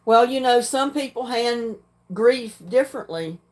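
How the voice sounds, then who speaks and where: Older woman, livestream host, plain frank talk, frequent throat-clearing. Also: a little high, expressive, measured pace, darkish tone. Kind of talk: casual chat reading viewer comments.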